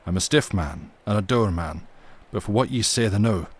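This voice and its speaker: A man's voice: fairly low pitch, expressive, normal speed, slightly rough. A man doing a dour sea captain. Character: gruff stern Scottish ship captain, dour.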